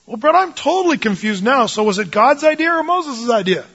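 A man's voice: very high voice, sing-song, a little fast, vocal fry, a bit bright, slightly rough, dull audio. A man teaching the Bible in a casual, jokey way, acting out the voices of biblical figures.

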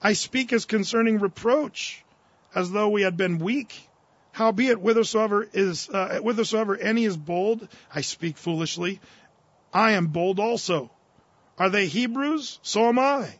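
High pitched guy preaching, reads the bible verses then explains em casual, gets fired up. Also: unhurried, no echo, lo-fi sound. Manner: reads scripture aloud, then paraphrases it in casual speech; fervent, rising in force on key verses. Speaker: pastor. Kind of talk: expository sermon.

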